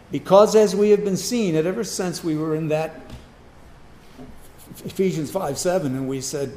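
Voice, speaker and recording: A man's voice: fairly high pitch, a little mellow, slight background noise. A man preaching a Sunday morning sermon, asking the congregation rhetorical questions and repeating key words for emphasis. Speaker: pastor. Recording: echoey room.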